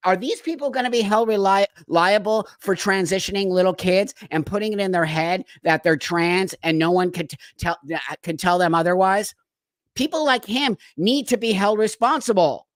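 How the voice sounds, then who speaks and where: A man's voice: sits high, moderate pace, fairly bright tone, no echo. An older man hosting a live stream, ranting angrily and bluntly with profanity and sarcastic mock quotes. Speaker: show host. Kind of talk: heated live-stream commentary.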